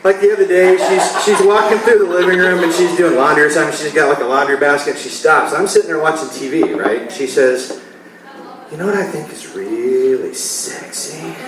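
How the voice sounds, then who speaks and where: A man's voice: on the high side, fairly quick, crowd noise. A man in his forties doing a loose, conversational stand-up routine and laughing at his own jokes. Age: 40s. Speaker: stand-up comedian. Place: comedy club stage. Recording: echoey live club from far off. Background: audience laughter.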